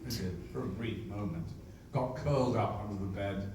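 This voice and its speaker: A man's voice: lowish voice, normal speed. Older male raconteur, guest at a convention, acts out voices; recorded far off in an echoey hall with faint room noise. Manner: lively raconteur who acts out others' lines. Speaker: interview guest, actor. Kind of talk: anecdotal storytelling.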